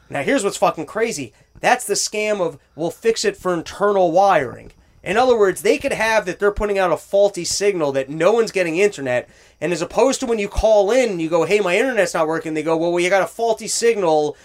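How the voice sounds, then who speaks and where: A man telling an exasperated, profane story in casual chat, acting out both sides of phone calls. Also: sits high. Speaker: storyteller on a talk show.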